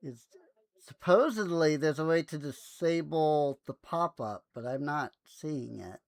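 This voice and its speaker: An unhurried game master talks through a tabletop session, relaxed and chatty. The voice is dry and close to the mic, with no room sound behind it. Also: mid-range voice, gravelly, no echo. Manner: relaxed, chatty, laughs easily. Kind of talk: narrating a tabletop game over voice chat.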